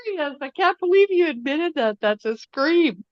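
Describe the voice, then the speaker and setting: A woman's voice: sits high, lively intonation, moderate pace, no echo. A woman chats on a video call, laughing easily and explaining how things work. The sound is very dry, with no room around it. The call audio is dull and muffled. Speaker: researcher friend on a video call. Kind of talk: casual chat.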